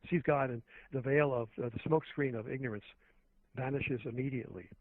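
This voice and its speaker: A man calls in as a talk radio guest and rambles on earnestly, restarting his sentences as he goes. His voice sits at an ordinary pitch, and it comes through a thin, tinny phone line with a dry sound. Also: steady tone, fairly quick, no room sound.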